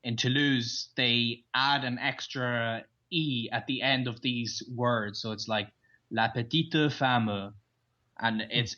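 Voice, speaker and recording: A man's voice: mid-range voice, bright, forceful tone. An Irish man chatting enthusiastically as a podcast guest, telling stories from his travels. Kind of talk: casual interview chat. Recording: dull lo-fi sound.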